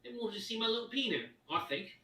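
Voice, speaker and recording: A man voicing a shifty male halfling prisoner who pleads and protests in a high, whining voice. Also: animated, quick pace, bright, forceful tone, exaggerated voice. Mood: wheedling. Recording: echoey room, voice far from mic.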